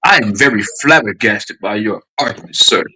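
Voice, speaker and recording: Man playing a pompous professor type, prim and stiff, deeper voice. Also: lively intonation, normal speed, pushed and bright, slight background noise, poor audio. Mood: prim scolding. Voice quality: overly proper, pompous diction. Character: prim, over-formal educated gentleman.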